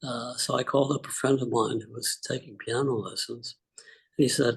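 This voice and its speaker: An older man telling relaxed, rambling personal stories on a group video call, with many fillers. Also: mid-range voice, normal speed, vocal fry, slightly rough, low-quality recording. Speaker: call participant. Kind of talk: casual storytelling on a group call.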